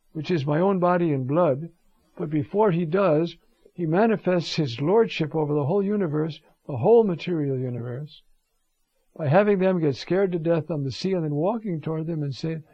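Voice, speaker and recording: Husky-voiced man teaching scripture. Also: fairly high pitch, no echo. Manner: animated, many "you see" asides and restarts. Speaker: Bible teacher. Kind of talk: scripture lecture. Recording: dull lo-fi dry recording.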